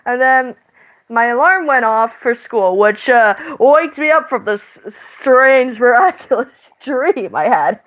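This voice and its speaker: Giggly woman telling a dream story slowly, lots of likes and restarts, highish voice. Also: animated, fairly bright tone, poor audio. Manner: halting, with many fillers and restarts. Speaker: channel host.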